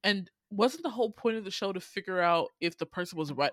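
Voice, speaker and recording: A woman's voice: medium pitch, lively intonation, fairly quick, dry recording, studio quality. Woman in casual, profane chat. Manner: loose, profane storytelling with frequent slang.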